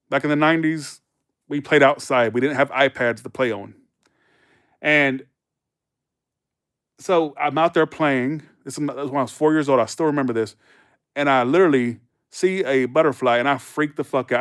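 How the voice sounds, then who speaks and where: Talking casually to his viewers, a thirty-something livestream host wanders through stories and jumps into lively quoted voices. He sounds a little high, and the clean studio sound carries no room sound.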